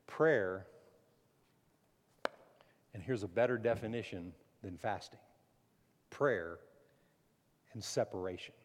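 A pastor preaching a sermon, swinging from loud emphatic peaks down to low, quiet stretches. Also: male voice, slow, long pauses, in a large hall.

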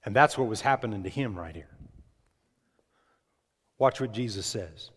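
A man's voice: lowish voice, animated, normal speed, breathy edge, in a large hall. A man preaching a sermon to a congregation, emphatic, putting questions to the listeners. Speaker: pastor.

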